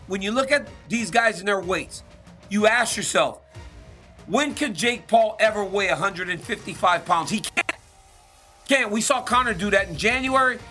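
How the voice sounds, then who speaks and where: A man with a high-sitting voice and a sharp tone hosts a sports talk show. He answers listener questions in an emphatic monologue, frequently tossing in "right?"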